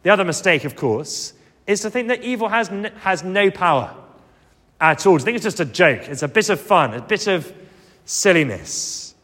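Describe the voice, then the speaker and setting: A man's voice: sits high, lively intonation, moderate pace, a bit bright, in a large hall. A man preaching a sermon, earnest and emphatic, coming back to key phrases again and again.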